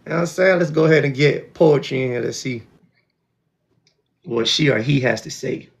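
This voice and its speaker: A man hosting a live call-in stream, arguing with callers in an animated way and often repeating and restarting his words. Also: medium pitch, normal speed, vocal fry. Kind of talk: casual debate with callers.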